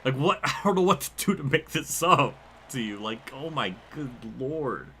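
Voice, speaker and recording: A young man casually talking through a racing game livestream, excitable, laughing often and quick to swear. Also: medium pitch, slight background noise.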